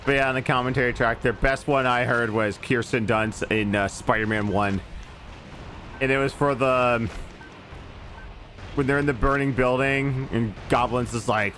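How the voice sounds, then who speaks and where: A man's voice: fairly even intonation, moderate pace, a bit bright, slight background noise. A man streaming a video game in casual chat, rambling off into profane asides about movies. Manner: rambling, profane movie digressions with swooping pitch. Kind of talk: casual let's-play chat.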